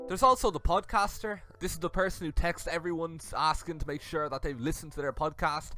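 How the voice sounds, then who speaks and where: A young man giving comedic commentary on messages, animated and laughing often. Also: on the high side, no echo. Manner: animated, laughing, switches into silly voices for messages. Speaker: YouTube commentator.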